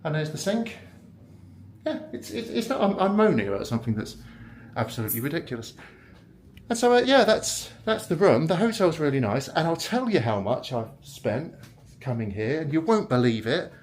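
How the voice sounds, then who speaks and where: A man's voice: on the high side, very animated, moderate pace, darkish tone, roomy sound, slight background noise. A British man giving a casual, rambling, self-mocking vlog tour of a hotel room, filmed on a handheld camera. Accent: British English. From United Kingdom. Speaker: vlogger.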